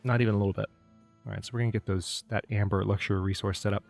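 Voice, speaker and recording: A man's voice: on the low side, steady tone, racing, creaky, soft background music. A man casually commentating his own strategy game, thinking aloud and talking to the units on screen. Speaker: let's play host.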